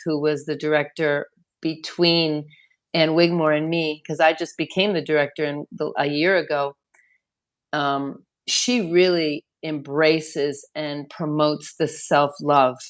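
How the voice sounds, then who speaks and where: A woman who directs a wellness center, talking earnestly in an interview, often repeating words as she rambles through a thought. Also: low voice. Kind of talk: conversational interview.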